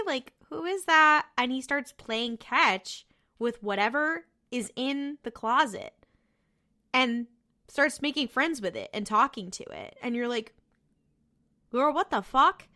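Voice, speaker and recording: With a high-sitting voice, lively intonation, and a bright, forceful tone, a woman talks at a slow pace. She co-hosts a podcast, casually going over a TV episode, cursing freely and voicing the characters as she retells scenes.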